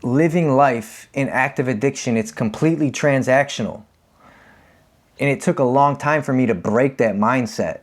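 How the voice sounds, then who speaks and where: Male host, 30s, confessional storytelling, candid and conversational, mid-pitched voice. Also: normal speed. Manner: candid, animated when acting out quotes. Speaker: podcast host.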